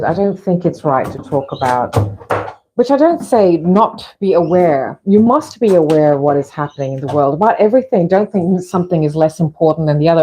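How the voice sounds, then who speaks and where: A woman's voice: low-pitched, warm tone, slight background noise, poor audio. A middle-aged woman from Fiji chatting in a rambling way while filming a cooking session in her home kitchen. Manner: rambling, chatty, frequent restarts. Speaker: vlog host.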